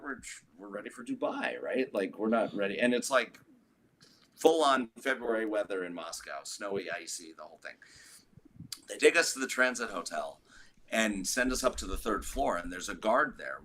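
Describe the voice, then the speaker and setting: A man's voice: on the low side, pushed and bright. A man, a guest musician, telling a long story in a casual interview, rambling with lots of "like" and restarts.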